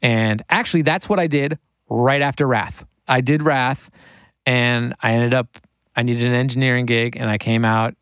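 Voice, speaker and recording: A man working as a record producer and engineer, chatting casually in an interview, excitable and quick, laughing often and saying "like" a lot. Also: medium pitch, no room sound.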